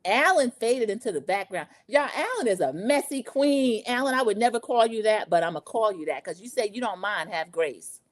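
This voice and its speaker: A woman hosting a podcast, recapping a TV show in a chatty, animated way and talking straight to her listeners. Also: a little high, moderate pace, few pauses. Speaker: podcast host. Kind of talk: casual TV recap chat.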